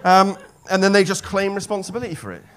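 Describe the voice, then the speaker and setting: A man doing a live stand-up set on a comedy club stage, deadpan asides into a handheld mic. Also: high voice, fast.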